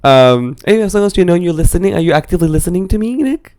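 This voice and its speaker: A man's voice: high-pitched, lively intonation, very fast, a little mellow. A man co-hosting a podcast, chatting casually with lots of hedging and rambling asides. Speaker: podcast co-host. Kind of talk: casual chat.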